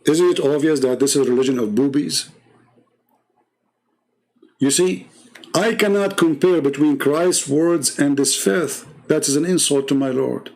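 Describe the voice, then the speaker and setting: Scornful, gravelly man in heated debate. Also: a little high, unhurried, pauses often, a little mellow. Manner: scornful, mocking, combative, with rhetorical questions. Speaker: host of a live religious debate stream.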